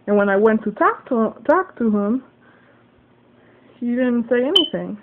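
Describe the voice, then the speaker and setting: A woman's voice: on the high side, sing-song, moderate pace, long pauses. A woman telling a story into her phone camera, swearing freely and acting out both sides of an argument. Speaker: vlogger. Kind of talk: casual venting story. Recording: tinny phone-like audio, faint hiss.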